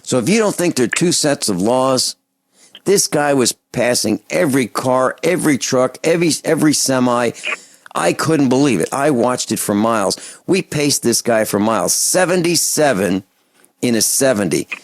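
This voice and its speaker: A man's voice: expressive, normal speed, no echo. Indignant male radio host, dry sound. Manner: impassioned, indignant, swings between loud outbursts and low muttering. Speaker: radio talk show host. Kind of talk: call-in radio talk, ranting monologue.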